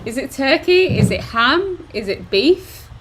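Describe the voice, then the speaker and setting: A woman's voice: high voice, very animated, unhurried, a loud crowd. A woman co-hosting a casual live stream, a little drunk, chatting and asking viewers questions. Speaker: co-host.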